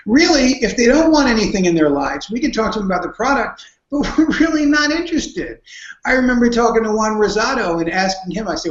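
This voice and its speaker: A man's voice: high voice, big pitch swings, fairly quick. A man answering interview questions about prospecting, telling earnest stories and often restarting his sentences. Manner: storytelling, earnest, with frequent restarts. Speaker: guest speaker on network marketing. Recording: dull, roomy sound.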